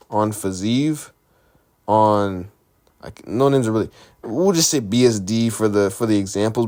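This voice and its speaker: A man's voice: medium pitch, darkish tone. A man giving casual reaction commentary on a fight, rambling and conversational, full of restarts and filler words. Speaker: MMA commentary host.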